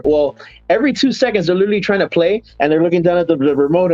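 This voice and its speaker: A man's voice: high-pitched, fast, dry recording, highs cut off, soft background music. A man hosting a podcast, telling stories in casual chat with lots of restarts. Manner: animated storyteller, many restarts and "man". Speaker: podcast host.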